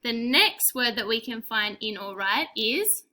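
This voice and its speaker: Slow, bright-voiced woman teacher. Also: on the high side, lively intonation. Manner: slow, clear, encouraging teacher talk with prompts and praise. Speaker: primary school teacher. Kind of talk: recorded spelling lesson for young children.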